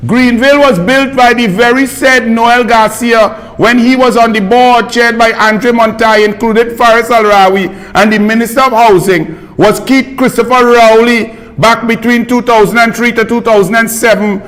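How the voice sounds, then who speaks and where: A man's voice: very high voice, fairly even intonation, normal speed, few pauses, a bit bright, in a large hall. A Trinidadian man hosting live political commentary, scornful, heated and insulting.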